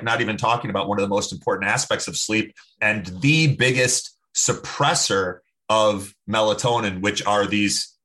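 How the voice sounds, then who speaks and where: Male podcast guest with an animated, emphatic delivery and a punchy, forceful tone. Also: lowish voice. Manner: emphatic, opinionated, animated storytelling. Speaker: podcast guest, health expert. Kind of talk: casual interview talk.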